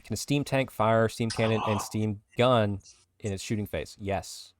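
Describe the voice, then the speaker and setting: A man's voice: on the low side, a little slow, noisy background. A man co-hosting a casual podcast, rattling through lists of game rule changes. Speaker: podcast co-host. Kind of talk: casual podcast chat reading rules updates.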